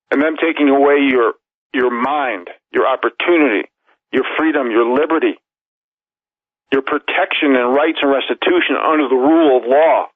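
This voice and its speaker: A man's voice: mid-range voice, no echo. A man giving emphatic talk radio news commentary, reading articles aloud and stacking up long lists of points. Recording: tinny phone-line audio, dry.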